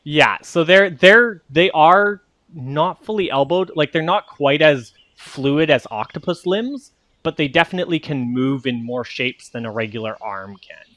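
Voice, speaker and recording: A man's voice: a little high, a little slow, fairly bright tone, dry recording. A man running a tabletop game as game master, describing things in a meandering way with many fillers.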